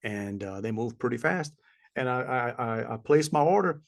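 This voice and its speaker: A man's voice: mid-range voice, animated, normal speed, gravelly. A middle-aged man, chatting casually as a podcast co-host and rambling through stories. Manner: rambling storyteller, acts out voices of people he met. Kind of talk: casual chat.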